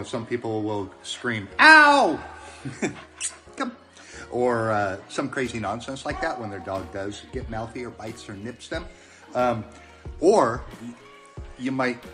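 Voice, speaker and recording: A man working as a dog trainer, giving calm, plain-spoken advice to the camera in an even tone, with occasional ums and uhs. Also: mid-range voice. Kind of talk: instructional talk to camera.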